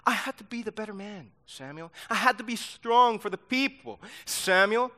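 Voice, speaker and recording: A man's voice: high-pitched, normal speed, pushed and bright, pitched above the performer's own voice. A man putting on a whiny, self-pitying King Saul. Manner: whining, pleading excuses.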